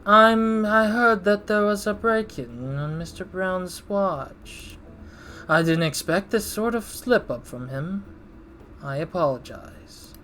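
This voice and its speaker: A man voicing an arrogant male security company owner in a game, reading his lines slowly and with a sneer. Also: sits high, lively intonation, pushed and bright, a little hiss or hum, voice pushed up, full character voice. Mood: smug. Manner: slow, drawling, sneering delivery.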